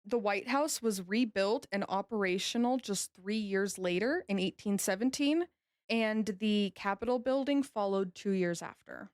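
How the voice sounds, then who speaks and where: A woman's voice: medium pitch, moderate pace, no room sound. Podcast co-host, woman, chatty history telling, dry close sound. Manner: chatty storyteller, laughs easily. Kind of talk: casual history podcast chat.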